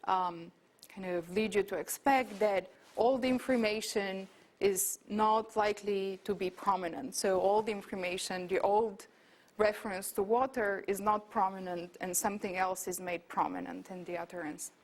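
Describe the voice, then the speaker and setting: A woman's voice: mid-range voice, fairly even intonation, normal speed, low-quality recording. A woman giving an academic lecture and answering audience questions, with frequent fillers and restarts. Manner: hesitant, many fillers and restarts. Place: lecture room.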